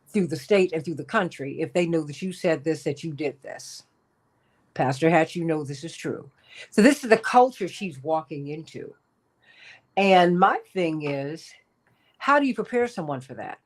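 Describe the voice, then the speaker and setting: A woman hosting a talk show, telling stories in a lively, chatty way with frequent laughs. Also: lowish voice. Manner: animated storytelling, laughs often, addresses guests by title. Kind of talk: casual radio talk.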